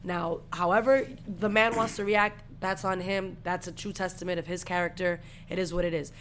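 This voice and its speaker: A woman's voice: lowish voice, fairly even intonation, normal speed, a bit bright, slight background noise. A young woman in her twenties, co-hosting a podcast, telling a story in casual, profane slang. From Puerto Rican family. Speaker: podcast co-host.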